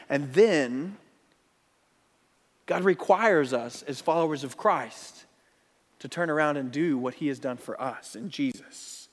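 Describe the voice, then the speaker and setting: A pastor preaching a sermon in earnest, building emphasis and then dropping to soft asides. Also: male voice, fairly high pitch. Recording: long hall reverb.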